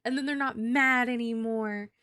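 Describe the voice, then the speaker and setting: A woman's voice: on the high side, fairly even intonation, moderate pace, pushed and bright, no echo, studio quality. A young woman chatting casually on a livestream, rambling and swearing as she talks with viewers. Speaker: streamer.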